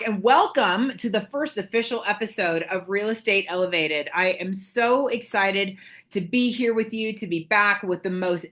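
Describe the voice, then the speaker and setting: Woman podcast host, bubbly and playful, talks over a call, chatty jokes, mid pitch. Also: moderate pace, fairly bright tone. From California. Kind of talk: casual podcast chat.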